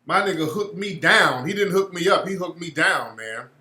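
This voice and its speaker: Man, casual livestream host, bright voice, profane and blunt, echoey room. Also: high-pitched, normal speed. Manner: blunt, profane, animated storytelling. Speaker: show host.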